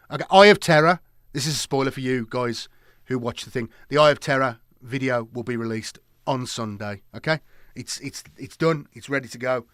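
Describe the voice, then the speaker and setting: A man's voice: on the high side, fairly bright tone, no echo, studio quality. A man chatting casually to his live-stream viewers, rambling and repeating himself with many fillers.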